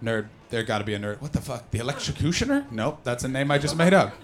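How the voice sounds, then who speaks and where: A man's voice: mid-range voice, big pitch swings, quick pace. A man doing stand-up crowd work on a comedy club stage. He is brash and profane, and he teases audience members. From not from the UK.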